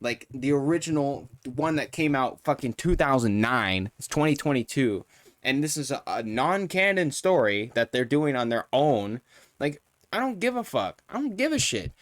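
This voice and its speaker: A man's voice: mid-range voice, very animated, moderate pace, no room sound, clean studio sound. Man ranting on a live stream. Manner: profane, heated, rambling. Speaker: streamer reviewing a show.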